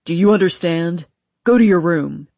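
A woman voicing a stern, dismissive middle-aged father in an audiobook, speaking in curt, gruff lines. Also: low-pitched, slow, dry recording, voice pushed down, full character voice. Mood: angry. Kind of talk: audiobook character voice.

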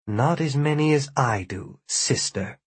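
A narrator gives voice to a blunt young woman who speaks in clipped commands. The voice is husky and slightly raised, recorded dry and close. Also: fairly high pitch, very animated, measured pace, no room sound, exaggerated voice. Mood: curt. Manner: curt and commanding.

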